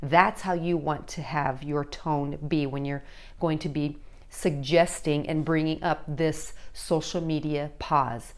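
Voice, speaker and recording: A woman's voice: low voice, darkish tone. A woman giving parenting advice to camera, coaching with frequent check-ins and acting out quoted voices. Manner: coaching, checks in with repeated "okay?". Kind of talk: direct-to-camera advice talk.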